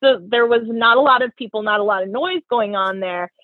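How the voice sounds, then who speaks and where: A woman's voice: fairly high pitch, fairly quick, dry recording. Chatty woman on a tinny line. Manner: chatty, animated storytelling with lots of "like". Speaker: podcast co-host. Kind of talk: casual chat, dating stories. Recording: tinny phone-like sound, dry.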